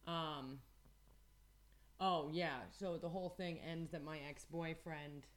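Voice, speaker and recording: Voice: mid-range voice, steady tone, slow, fairly bright tone. Teasing, rambling comedian host. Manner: teasing, rambling, full of restarts. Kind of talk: casual chat.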